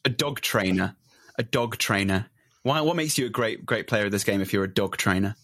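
A male podcast co-host in casual chat, playful and quick to laugh. His voice is bright and a little husky. He delivers it all in a dry, close-miked sound. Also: fairly low pitch, dry recording. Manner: playful, laughs often, riffs jokes.

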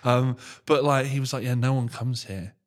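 British male musician guest, loose sweary anecdotes, mid pitch, drifts quiet. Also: fairly even intonation, moderate pace. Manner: swears freely, drops into a low mutter mid-story. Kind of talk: casual chat.

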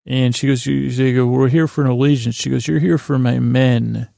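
Gravelly, rambling man recapping a show. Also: mid-range voice, steady tone, normal speed, dark tone, no room sound, clean studio sound. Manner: meandering, full of fillers and restarts. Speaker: podcast host recapping a TV episode.

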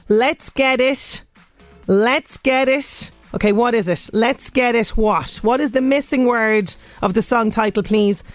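A woman's voice: a little high, dry recording. Chatty Irish woman radio presenter. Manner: chatty, laughs often. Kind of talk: casual radio chat.

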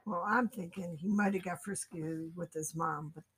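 A woman's voice: fairly low pitch, moderate pace. Chuckling middle-aged woman, dry asides. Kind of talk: casual chat recapping a movie. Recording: faint background noise.

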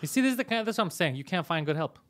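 A male comedian hosting a casual live stream, loud and profane, mock-bullying his co-host. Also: high voice, expressive, rapid-fire, no room sound.

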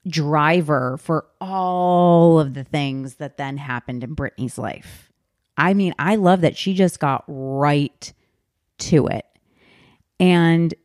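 A woman's voice: low voice, darkish tone, no room sound, clean studio sound. A woman hosting a casual podcast book discussion, chatty and emphatic. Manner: chatty, emphatic, fast bursts with stretched words. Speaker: podcast host.

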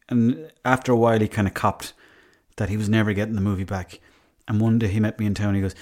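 A man's voice: lowish voice, flat delivery, fast, darkish tone. A man with an Irish accent telling a rambling, self-mocking story, swearing casually as a podcast host.

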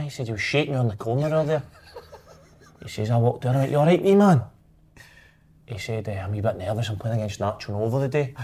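Man, Scottish accent, former footballer, casual storytelling, animated quotes. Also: medium pitch, breathy edge. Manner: animated, acts out quotes, laughs while telling.

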